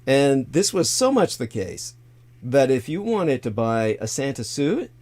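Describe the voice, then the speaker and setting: A man in the middle of his pitch range hosts a loose, rambling livestream talk. He drifts from point to point with plenty of fillers, throwing in irreverent, crude jokes along the way. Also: very animated, unhurried, darkish tone. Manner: irreverent, jokey, crude asides; loose and digressive, many fillers. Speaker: livestream host. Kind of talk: casual rambling monologue.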